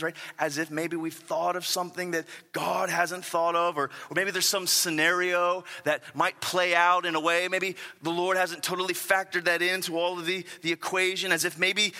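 A man preaching a sermon in an animated way, with stammering restarts and rhetorical questions. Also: high-pitched, long reverb tail.

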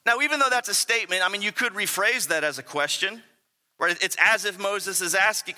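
A man preaching a sermon in an animated way, with stammering restarts and rhetorical questions. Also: high voice, brisk, long reverb tail.

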